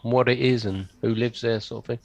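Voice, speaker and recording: Gravelly man, hesitant tabletop player. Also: medium pitch, fairly even intonation, a little fast, no echo. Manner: polite, hesitant, lots of ums. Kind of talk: tabletop role-play, speaking in character.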